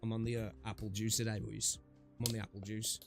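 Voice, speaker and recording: A man's voice: lowish voice, level tone, quick pace, creaky, music in the background. A man streaming a game, chatting casually between lines with joking asides. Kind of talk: casual gaming stream chat.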